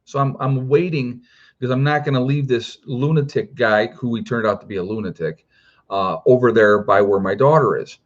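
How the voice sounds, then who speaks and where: A man's voice: medium pitch, normal speed, muffled recording. A middle-aged man hosting a prepper channel, telling a story casually and rambling with lots of filler words. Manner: rambling, many "you know" fillers.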